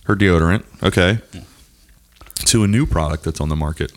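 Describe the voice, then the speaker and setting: A man in his thirties hosting a casual comedic podcast chat, telling crude stories about his wife and mimicking her. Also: a little fast. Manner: animated storytelling, mimicking his wife in a high voice. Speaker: podcast host.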